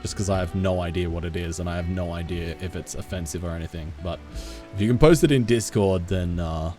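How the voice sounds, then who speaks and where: A man with a softened Australian accent, chatting casually with his live-stream audience as he plays, laughing often and answering chat. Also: sits low, fairly quick, over music. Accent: Australian, toned down. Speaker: game streamer.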